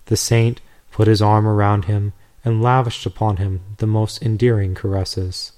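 A man reading a devotional story aloud in a measured, steady way. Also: on the low side. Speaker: narrator.

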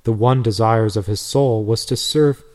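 Male narrator, mellow tone, measured storybook reading. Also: lowish voice. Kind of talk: reading a devotional story aloud.

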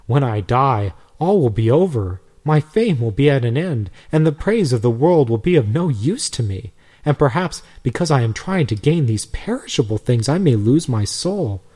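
A man's voice: mid-range voice, big pitch swings, moderate pace, warm tone. A man voicing an eager, earnest young male law student while reading a storybook aloud. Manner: earnest, rising enthusiasm.

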